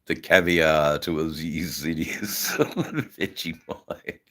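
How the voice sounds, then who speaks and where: A man's voice: extremely low pitch, level tone, slow, a bit bright. An Australian man hosting a casual live stream, rambling with lots of fillers and slang while smoking. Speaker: livestream host.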